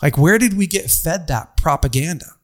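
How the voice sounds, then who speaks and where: A man's voice: on the high side, animated, normal speed. A young adult man giving a conversational motivational sermon to an audience, stacking phrases into long lists. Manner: conversational, repetitive lists, casual fillers. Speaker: speaker addressing an audience.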